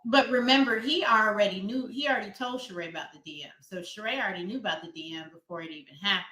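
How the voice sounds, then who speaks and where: A woman co-hosting a casual chat, lively and quick to laugh. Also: medium pitch, a crowd in the background. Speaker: podcast co-host. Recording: echoey room.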